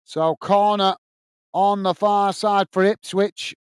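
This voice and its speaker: A man's voice: sits high, steady tone, slow, smooth, dry recording, studio quality. A man from England hosting a live football watch-along, commentating on play and reading out viewers' messages in a chatty, friendly way. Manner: chatty, thanks viewers by name, calls them mate.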